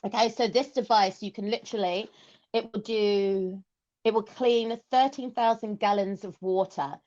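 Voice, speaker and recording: A chatty woman with an English accent talks casually on a podcast, explaining step by step and filling pauses with "okay" and "um." Her voice sits at a middling pitch, and the recording sounds a little dull and lo-fi. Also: steady tone, a little mellow. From England. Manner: chatty, explains with lots of okays and ums. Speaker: guest.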